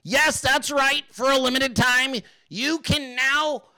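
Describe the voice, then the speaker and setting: Man plays a pompous salesman, bright and high, drawn-out mock pitch. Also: steady tone, no room sound, exaggerated voice. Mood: mock salesy. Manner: mocking, sing-song, drawn-out. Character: pompous male businessman hawking a sales pitch.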